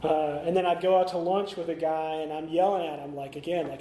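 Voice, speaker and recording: A man's voice: a little high, steady tone, a little fast, dark tone. A middle-aged man speaking at a recovery meeting, telling his story candidly with many fillers and restarts. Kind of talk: recovery talk. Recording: echoey meeting room, faint ambience.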